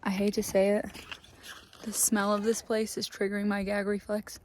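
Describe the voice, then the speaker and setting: A woman's voice: mid-range voice, monotone, normal speed, a little hiss or hum. A woman filming a casual travel vlog outdoors in a national park, joking and chatting as she walks. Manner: playful, laughs often, joking. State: out of breath at times. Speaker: travel vlogger. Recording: loud music over the voice.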